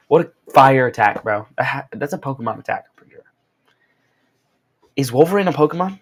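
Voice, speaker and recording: A young man recapping and reviewing a comic book in a casual, slangy, excitable way, wearing a corded mic as he moves around. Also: medium pitch, a little fast, pauses often, breathy edge. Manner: slangy and excitable, lots of "bro" and "like". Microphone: wearing a corded mic while walking around.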